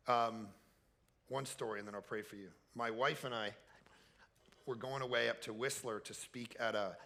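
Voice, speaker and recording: A man preaching a lively camp sermon, telling stories and swinging from quiet asides to loud, high-pitched peaks. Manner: animated storytelling with shouted high peaks. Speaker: pastor. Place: camp meeting hall.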